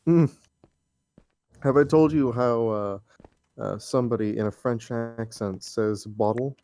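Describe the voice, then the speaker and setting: A man's voice: mid-range voice, a little slow, mellow. A man bantering and cracking jokes with a friend during a game. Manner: joking, teasing. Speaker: co-player. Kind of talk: casual gaming banter.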